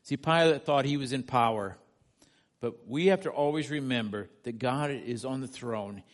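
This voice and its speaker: A male pastor from the United States preaches an earnest sermon in a mid-range voice at a moderate pace. He builds to emphatic peaks and asks the congregation questions.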